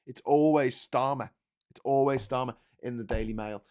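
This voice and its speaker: A man's voice: medium pitch, normal speed, darkish tone. A man hosting a casual livestream, talking through the morning papers in a sarcastic, rambling way and laughing easily. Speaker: host.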